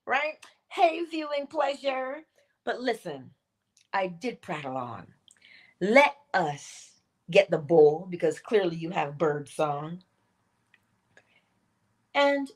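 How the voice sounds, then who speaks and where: Slow, lively spiritual woman host. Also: mid-range voice. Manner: playful, laughs often, acts out quotes. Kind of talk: spiritual morning talk.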